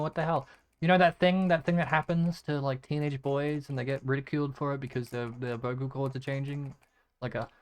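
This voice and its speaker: A man's voice: fairly high pitch, smooth. A male gaming streamer giving casual gameplay commentary, muttering repeated item names as he clicks and swearing often.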